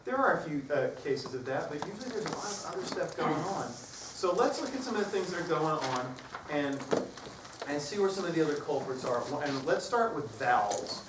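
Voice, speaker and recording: A man's voice: a little high, sing-song, moderate pace, background noise. A man leading a choir workshop, coaching singers in an upbeat, joking way. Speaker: choral workshop clinician. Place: large reverberant hall with piano. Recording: echoey hall recorded from far off.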